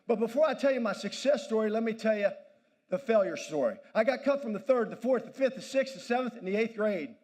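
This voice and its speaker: A man's voice: high-pitched, animated, fairly quick, a little mellow. A man giving a motivational speech at a banquet, commanding and pumping up the audience. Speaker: motivational speaker. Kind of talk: energetic crowd-directed speech. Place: banquet hall.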